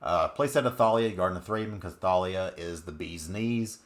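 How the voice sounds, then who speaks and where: A man's voice: low-pitched, moderate pace. A man giving upbeat, chatty commentary on card game decks, with many fillers. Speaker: card game content creator. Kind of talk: casual deck commentary.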